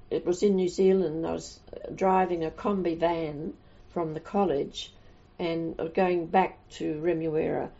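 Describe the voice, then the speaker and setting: A woman's voice: on the low side, creaky, warm tone. An older woman, a nun, telling rambling anecdotes in a casual interview, with many restarts. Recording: dull lo-fi recording.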